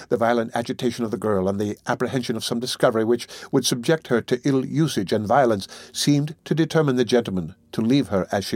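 A man reading a classic novel aloud as narrator, steady and measured. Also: mid-range voice, no room sound.

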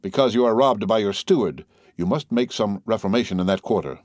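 A man reading the part of a suave, courteous nobleman count, speaking in a smooth, measured way. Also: fairly low pitch, expressive, a little mellow, no room sound, studio quality, close to an everyday voice.

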